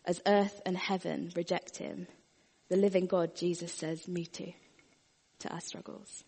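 A woman preaching a sermon, earnest, often dropping her voice very soft and quiet. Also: on the low side, fairly even intonation, normal speed, creaky, breathy edge, long reverb tail.

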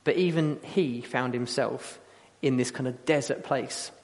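A man's voice: medium pitch, a little slow, darkish tone. A man preaching a sermon, telling a story with energy and acting out the quotes. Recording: long hall reverb.

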